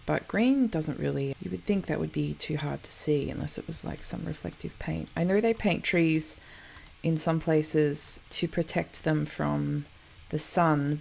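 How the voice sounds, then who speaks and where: A woman's voice: sits low, gravelly, darkish tone. A woman hosting a geography show, chatting casually over map footage and often correcting herself.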